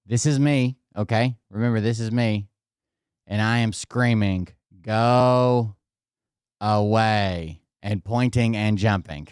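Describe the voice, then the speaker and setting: Rambling, profane man with a smooth voice. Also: fairly low pitch, measured pace, darkish tone, dry recording, studio quality. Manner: rambling and profane, addresses viewers directly. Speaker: vlogger. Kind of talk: casual storytelling to viewers. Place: indoors at his home.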